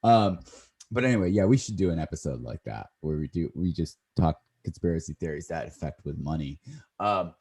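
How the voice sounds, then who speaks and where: Brief: very deep, husky man in his thirties, rambling casual podcast chat. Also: lively intonation, brisk, darkish tone. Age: 30s. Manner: rambling, self-correcting. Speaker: podcast co-host.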